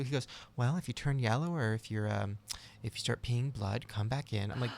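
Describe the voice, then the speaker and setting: A man with a gravelly, fry-tinged voice chatting on a podcast. He tells stories with lively impressions of other people and laughs often. His pitch sits in the middle for a man. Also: brisk. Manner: storytelling, animated, laughs often. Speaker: podcast host. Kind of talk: casual podcast chat.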